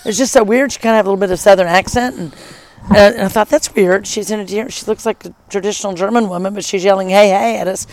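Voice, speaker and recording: Middle-aged ex teacher, gravelly voice, excited storytelling, keeps adding side notes. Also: medium pitch, fast. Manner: animated, enthusiastic storyteller with many asides. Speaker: former high school teacher. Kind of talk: casual storytelling.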